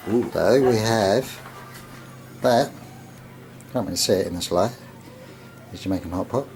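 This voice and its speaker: A man filming a casual video tour of his home kitchen and garden, talking in a meandering way with many pauses and fillers. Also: lowish voice, darkish tone, a little hiss or hum. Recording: music clearly behind the voice.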